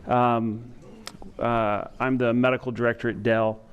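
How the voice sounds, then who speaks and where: A middle-aged man giving a training lecture to emergency medical staff, talking in a self-described monotone and pausing often with fillers. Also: mid-range voice, lo-fi sound, slight background noise. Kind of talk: conference lecture to EMS staff. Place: lecture room with an audience.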